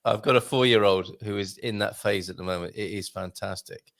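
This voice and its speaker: A man's voice: on the low side, fairly even intonation, fairly quick, gravelly, a bit bright, no room sound, clean studio sound. A British man in his thirties hosting a casual talk show, jokey and playful, bantering with his guest. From Britain. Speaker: host.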